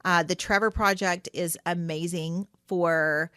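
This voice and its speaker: A woman's voice: fairly low pitch, fairly even intonation, a little slow, a bit bright, clear, resonant tone, no echo, clean studio sound. A woman co-hosting a podcast, talking in a casual, earnest way and often saying "you know" and "like". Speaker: podcast co-host. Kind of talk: casual mental health chat.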